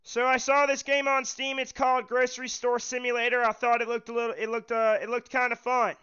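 A man hosting a call-in livestream, talking in a halting way and often repeating himself. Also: extremely high pitch, monotone, pushed and bright, clean tone, lo-fi sound, soft background music. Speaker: livestream host taking callers.

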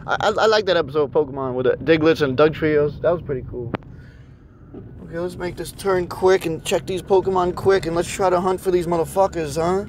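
A young man vlogs while driving, ranting angrily and cursing nonstop in his car. His voice is a little high and brisk, with a slight hiss or hum in the recording.

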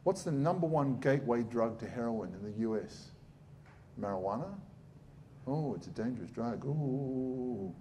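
A man's voice: medium pitch, animated, moderate pace, warm tone, a little hiss or hum. A middle-aged man, a surgeon giving a blunt, sarcastic public talk.

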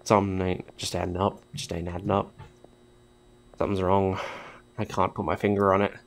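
A man's voice: low voice, level tone, moderate pace. A man giving casual let's-play commentary, joking, swearing and talking back to the characters on screen. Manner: jokey, swears, talks to game characters. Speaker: gaming YouTuber.

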